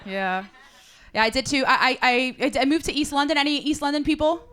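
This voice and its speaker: A woman's voice: high voice, animated, fast, a bit bright, slight background noise. A young woman doing a stand-up set in a comedy club, chatty and ironic. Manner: chatty, ironic, with playful put-on posh voices.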